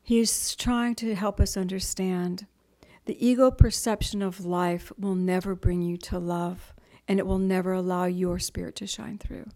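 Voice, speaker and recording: In a fairly low, evenly intoned voice, a middle-aged woman delivers a spiritual talk at a slightly slow pace. As a teacher telling stories to her group in a conversational style, she mimics others' voices and drops to a gentle whisper when making key points.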